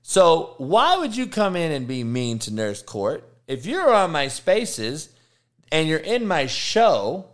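A man's voice: on the high side, a bit bright. A man hosting an online talk show, ranting heatedly and swearing constantly as he calls out people in his audience. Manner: foul-mouthed, heated ranting, addresses trolls directly. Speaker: show host.

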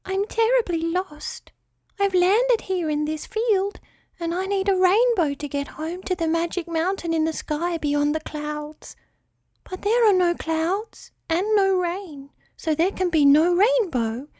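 A woman's voice: extremely high pitch, measured pace, a little mellow, no room sound, clean studio sound. A woman voicing a frightened, lost baby unicorn whose words gush out anxiously.

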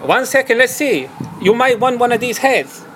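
A man's voice: extremely high pitch, very animated, normal speed, a bit bright, a little hiss or hum, heavily acted. A man voicing a pushy male hat shopkeeper who haggles in broken English. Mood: eager selling.

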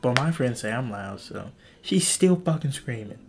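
A young man talking alone on his podcast with a lively voice that swings up and down. He rambles and swears and mocks himself. His voice is a little husky. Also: medium pitch, moderate pace. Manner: crude, animated, rambling and self-deprecating. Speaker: podcast host. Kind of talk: solo podcast rant. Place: home with a loud family nearby.

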